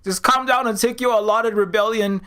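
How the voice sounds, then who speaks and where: A man's voice: high voice, fairly even intonation, moderate pace, bright, forceful tone, smooth. A man putting on a smug, condescending male official who talks down to would-be rebels in a mocking singsong. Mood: patronizing.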